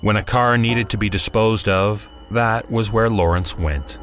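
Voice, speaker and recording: Low-voiced man narrating horror. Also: a little slow, soft background music.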